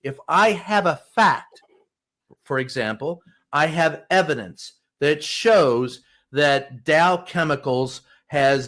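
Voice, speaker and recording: Blunt outspoken guy, bit high-pitched, swears to hammer his point, telling a press story on a podcast. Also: fairly bright tone. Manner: emphatic, blunt, swears for emphasis. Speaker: guest, White House correspondent.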